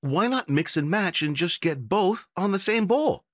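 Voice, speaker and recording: A man's voice: sits high, animated, a little slow, a bit bright, dry recording, studio quality. A man voicing an easygoing young diner in a scripted textbook dialogue. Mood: friendly. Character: young man suggesting poke toppings.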